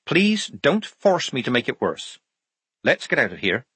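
A shrewd, determined young woman soldier, as a man reading aloud plays her. She speaks dry and level, with a husky tone in a dry, close recording. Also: mid-range voice, sing-song, measured pace, bright, forceful tone, no echo, voice pushed up, exaggerated voice. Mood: firm.

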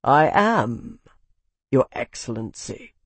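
A world-weary ruler, as voiced by the audiobook narrator, speaking a touch below the storyteller's own pitch. His delivery is measured, dry and unhurried. The recording is close and dead. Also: very animated, slightly rough, no echo, full character voice. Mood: cool. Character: cool, world-weary male high lord.

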